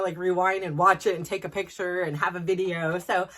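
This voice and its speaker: A woman in her forties hosting a podcast, telling a personal story in a casual, animated way, laughing often and restarting her sentences. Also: fairly low pitch, fairly quick. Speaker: podcast host.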